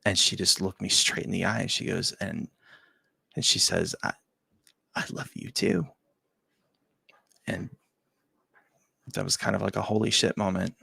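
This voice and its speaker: A man hosting a talk show, telling a personal story in a halting, emotional way, often dropping to a quiet near-whisper and repeating his words. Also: low voice, little pitch movement, gravelly, husky, no echo. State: choked up. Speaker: show host.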